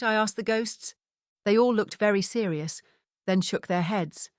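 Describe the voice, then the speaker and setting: Low-voiced woman narrating an audiobook. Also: no echo, studio quality. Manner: steady, measured storytelling. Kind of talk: scripted first-person audiobook narration.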